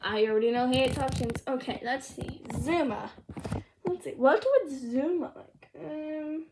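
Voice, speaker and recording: A woman's voice: high voice, unhurried. A woman voicing a jolly old Santa in a noisy home recording, murmuring to himself as he hands out gifts. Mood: musing.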